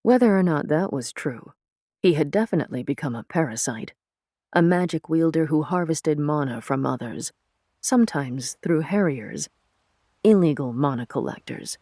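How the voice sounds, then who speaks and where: A man reading scripted narration in a steady, deliberate storytelling voice. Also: on the high side, dry recording, clean studio sound.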